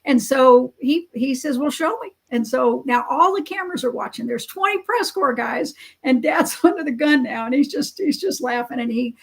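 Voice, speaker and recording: A woman telling family stories in a relaxed chat, animated and acting out the people she quotes. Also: sits high, normal speed, vocal fry. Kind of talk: casual storytelling.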